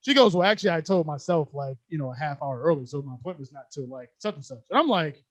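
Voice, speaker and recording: Young male podcast co-host, quick and high-pitched, animated slangy storyteller, dry close sound. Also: dry recording. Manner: animated, slangy, laughs often. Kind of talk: casual storytelling chat.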